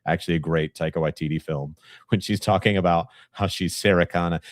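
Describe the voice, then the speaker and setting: A man's voice: low-pitched, fairly even intonation, brisk, dry recording, clean studio sound. A man co-hosting a casual live stream, rambling and joking between bits. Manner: joking, rambling, slips into impressions. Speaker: co-host.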